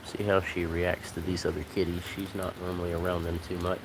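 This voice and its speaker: A man chatting casually on a live stream from a porch, talking to his cats and his viewers in a relaxed, rambling way. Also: low voice, fairly quick. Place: outdoors on a porch in the rain. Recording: rain noise outdoors. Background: rain.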